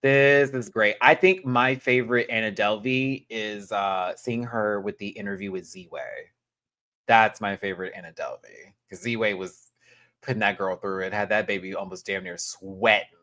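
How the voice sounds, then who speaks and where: A reviewer in a casual live review, talking animatedly with sassy asides and sudden high-pitched exclamations. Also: fairly even intonation, normal speed, a bit bright. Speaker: show reviewer.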